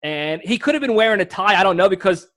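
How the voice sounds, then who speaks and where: A young man with a high, light voice chats on a casual comedy podcast. He spins his stories with lively impressions and easy laughter, riffing with his co-host. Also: fast talker. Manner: animated storyteller, acts out voices and laughs.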